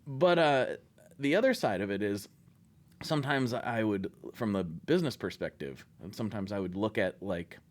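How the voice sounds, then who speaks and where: A man hosting a podcast in casual chat. He tells stories in an animated way and acts out his own inner thoughts as he goes. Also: lowish voice, normal speed. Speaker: podcast host.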